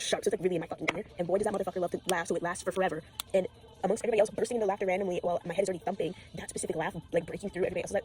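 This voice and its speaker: Worn out after staying up all night, a teenage girl records a rambling vlog at home, cursing and drifting between topics. Her voice sits on the low side, with background noise behind it.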